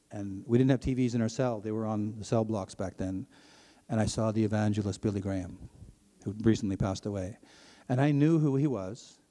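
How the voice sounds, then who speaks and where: A middle-aged man shares his faith testimony in a mellow, darker voice. He tells it earnestly, rising in pitch as the story grows intense. The sound carries a long reverb, as in a large hall. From Ontario, Canada. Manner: earnest storytelling, voice climbing when he grows excited. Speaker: speaker sharing his testimony. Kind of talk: personal faith testimony to an audience.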